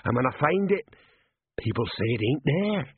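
A man voicing a big, slow-witted male troll sergeant who talks in simple, literal sentences, heard through a tinny line. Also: very animated, slightly rough, dry recording. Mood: deadpan. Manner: slow, literal-minded, rumbling, plain grammar. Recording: tinny dry phone-like sound.

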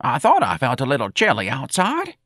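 A man reading an audiobook, voicing a frail, muddled elderly female office clerk with a wheezy voice and slow, frantic delivery. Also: medium pitch, huge pitch swings, a bit bright, no room sound, studio quality, pitched above the performer's own voice. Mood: flustered.

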